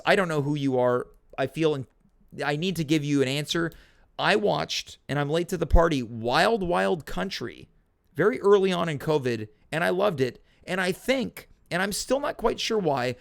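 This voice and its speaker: Rambling, animated man hosting. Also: on the high side, vocal fry. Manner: animated, rambling, self-deprecating. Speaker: talk show host. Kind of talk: casual solo livestream Q&A. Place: home.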